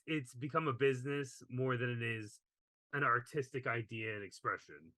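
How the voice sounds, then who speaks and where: Male podcast co-host, easygoing and quick to laugh, bright voice, dry close recording. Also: medium pitch, no echo. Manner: laughs while reading quotes. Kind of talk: casual chat.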